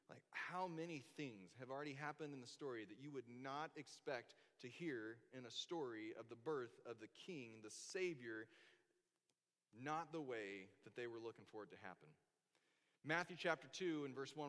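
A man preaching a sermon in church, telling the story in a lively way and acting out the quoted voices. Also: mid-range voice. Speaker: pastor. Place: church sanctuary. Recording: long hall reverb.

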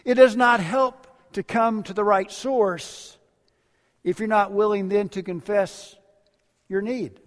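A male pastor delivering a sermon, telling stories and dropping to quiet phrase endings. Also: high voice, steady tone, slow pace. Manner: storytelling preacher, varies volume widely, drops to quiet endings. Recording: long hall reverb.

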